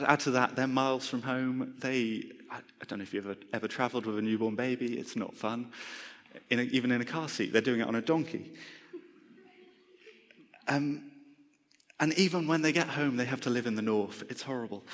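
A man preaching a sermon in a relaxed, conversational way, joking with his congregation. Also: mid-range voice. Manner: conversational, self-deprecating humour. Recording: long reverb of a large hall.

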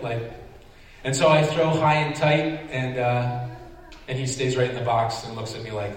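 A man preaching a sermon, telling a story with animated, self-deprecating humor and acting out his reactions. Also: a little high, unhurried. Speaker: pastor. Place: large church sanctuary. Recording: echoey hall, distant mic, faint noise.

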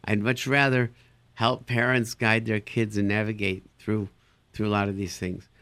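An animated male therapist answers listener questions with parenting advice, acting out incredulous reactions through sudden jumps in pitch and sprinkling in Yiddish words. He speaks at a moderate pace with a clean tone, and the sound is dry with no room sound.

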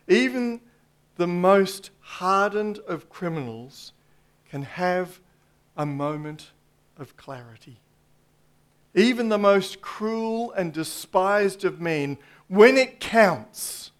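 Slow, high-voiced male preacher. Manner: slow, deliberate preaching with dry asides. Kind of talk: sermon. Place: church congregation.

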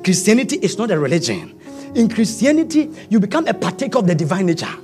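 A man, preaching a sermon, swinging from quiet asides to shouting. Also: high-pitched, sing-song, quick pace, faint music behind. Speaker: pastor.

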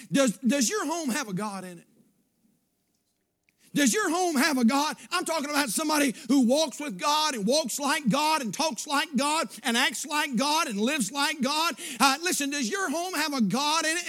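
A male pastor preaching a sermon, building up with shouted, repeated lines. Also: very high voice. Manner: preaching with shouted emphatic repetitions.

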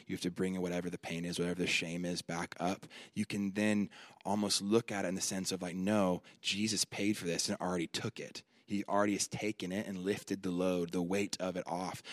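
A man preaching a sermon at a conference, with slow, deliberate phrasing, repeated lines and loud, emphatic peaks. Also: deep voice, no echo, clean studio sound.

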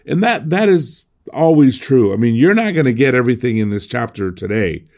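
A man's voice: mid-range voice, lively intonation, a little fast, darkish tone. A man teaching a devotional Bible class in a conversational way, often restarting his sentences and reading scripture aloud.

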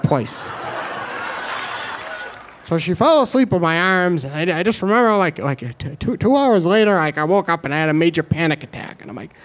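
Young man, New York accent, high voice, self-deprecating comic storytelling, stumbling restarts. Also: a little fast, creaky, a bit bright. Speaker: storyteller and comedian. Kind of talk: comedic personal story told to an audience.

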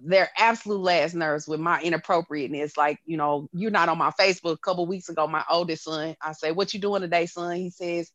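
Deep, steady and a bit bright, this thirtysomething podcast host's voice comes through a dry recording missing its highs. She keeps things casual and frank, often laughing, pausing at length and piling on filler words.

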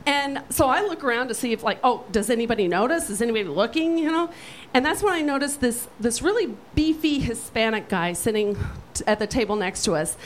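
A woman telling a profane, animated comic story on stage, brash and lively. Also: sits high, fairly quick, slight background noise, poor audio. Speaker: storyteller guest.

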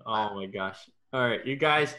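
Easygoing male podcast host, bright tone. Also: on the low side, measured pace. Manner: friendly, easygoing, hesitant fillers. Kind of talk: casual podcast chat.

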